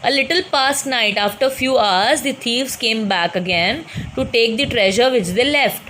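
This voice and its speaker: A woman's voice: a little high, measured pace, fairly bright tone, slight background noise, poor audio. A woman teacher with an Indian English accent reads a story lesson aloud and patiently explains each hard word. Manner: patient, repeats and explains words.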